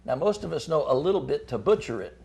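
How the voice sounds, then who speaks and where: A man's voice: on the high side, very animated, fast, vocal fry, a little mellow, breathy edge. A middle-aged man, a chamber of commerce guest on a talk show, gives folksy business advice with frequent restarts and repeated words.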